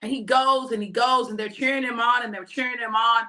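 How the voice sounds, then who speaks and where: A woman minister giving a fervent, repetitive exhortation, often shouting, with chatty asides in between. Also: a little high, steady tone, fairly quick.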